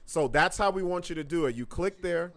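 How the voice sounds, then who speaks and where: A man co-hosting a live podcast with a somewhat high-pitched voice. He talks in loose, joking slang. He reads viewer shout-outs between bits of banter. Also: brisk. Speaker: podcast co-host. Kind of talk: casual livestream chat.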